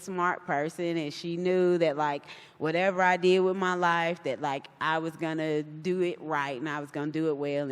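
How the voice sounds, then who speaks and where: Woman guest speaker, casual and animated, lots of acted-out quotes, live in a large reverberant hall. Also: lowish voice. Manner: chatty and animated, acts out quoted voices. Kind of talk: casual talk to a live audience.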